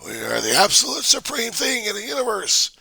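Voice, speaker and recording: A man's voice: high-pitched, wildly swooping pitch, a little fast, gravelly, pushed and bright, slightly rough, no echo, voice pushed up, full character voice. A man voicing a grandiose male ego that proclaims its supreme power in bombastic tones.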